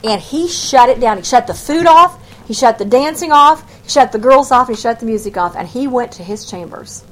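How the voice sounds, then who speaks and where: A woman's voice: on the high side, normal speed, hardly any pauses. A woman preaching a verse-by-verse Bible lesson, retelling the scripture and acting out the voices in it. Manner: expressive storytelling, acts out scripture voices. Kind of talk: Bible teaching sermon.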